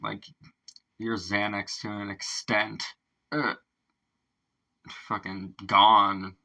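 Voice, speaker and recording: A man's voice: fairly low pitch, little pitch movement, very slow, long pauses, bright, forceful tone, rough recording. A man hosting a reaction video in casual commentary, swearing, laughing often and marveling aloud at the lyrics.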